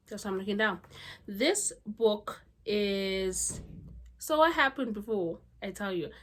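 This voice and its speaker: A woman talks straight to her camera in a casual home vlog, chatty and ranting, full of asides. Her voice sits at an ordinary pitch for a woman. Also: slight background noise. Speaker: book vlogger. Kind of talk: casual chat.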